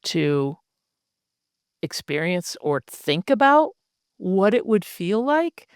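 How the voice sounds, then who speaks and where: A woman's voice: lowish voice, sing-song, slow pace, clear, resonant tone, dry recording, clean studio sound. A middle-aged woman hosting a podcast, talking in a reflective, affirming way and summing up what her guest says. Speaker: podcast host. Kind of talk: casual podcast chat.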